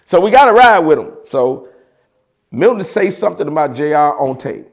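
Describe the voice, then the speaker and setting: Gravelly Chicago man telling a story. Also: on the high side, normal speed. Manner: animated, mimics voices of others in quotes, frequent laughs and slang. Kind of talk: casual storytelling.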